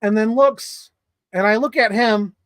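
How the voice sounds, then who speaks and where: A man giving a casual, animated movie review as a story, swearing freely and getting excited. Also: sits high, measured pace, dry recording.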